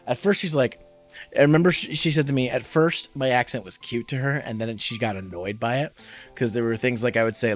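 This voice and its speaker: A young adult man streaming a game, chatting casually and rambling with many fillers. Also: medium pitch.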